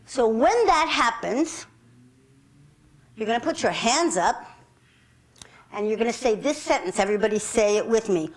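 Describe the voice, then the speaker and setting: A woman with a high, light voice leads a self-defense class, giving upbeat, directive instructions. She keeps it playful while she runs the group through the exercise. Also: lively intonation, unhurried, poor audio.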